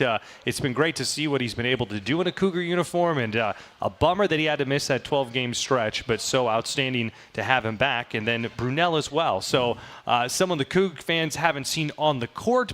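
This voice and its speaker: A man's voice: medium pitch, a bit bright. A man hosting a sports interview show, upbeat and asking long, winding questions. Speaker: show host.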